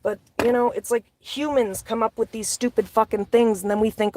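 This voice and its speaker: A woman's voice: on the high side, steady tone, brisk, hardly any pauses, mellow, dry recording. Angry profane woman ranting. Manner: profane, blunt, heated. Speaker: commentator.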